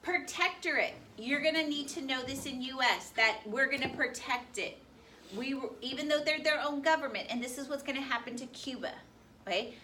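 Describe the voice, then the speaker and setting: In a school classroom, a woman teaching high school history quizzes her students with a rapid stream of questions. Her voice sits high, bright and forceful, and the distant classroom recording carries faint noise.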